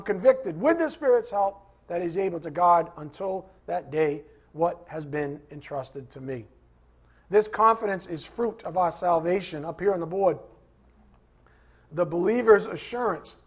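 Male pastor, husky voice, high pitch, emphatic sermon delivery, rhetorical questions. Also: lively intonation, measured pace. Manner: emphatic preacher, repeats scripture references, asks congregation questions.

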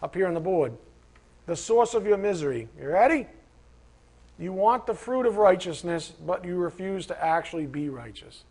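A man's voice: high voice, lively intonation, normal speed, darkish tone, slightly rough. A man preaching a sermon in a conversational, emphatic way, acting out imagined voices of his listeners.

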